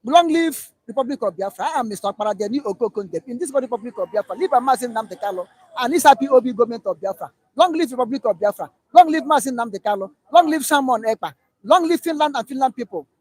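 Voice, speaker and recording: A man's voice: very high voice, animated, quick pace, breathy edge, dry recording. A man with a Nigerian accent calling in, talking emphatically and chanting slogans and blessings. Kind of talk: animated phone-in talk.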